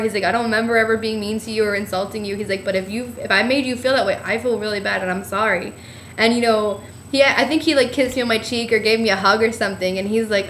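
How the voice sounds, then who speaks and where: Young woman, casual vlog, rambling storyteller, higher voice, faint room noise. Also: brisk. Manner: chatty storytelling, acts out quotes with a bright high voice. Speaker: vlogger. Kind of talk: casual trip report vlog.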